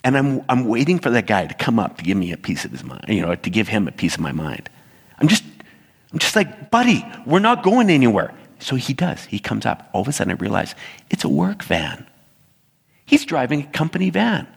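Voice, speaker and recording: A man preaching a sermon as a pastor, telling stories and putting animated asides to his congregation. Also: on the low side, brisk, vocal fry, slightly rough, long reverb tail.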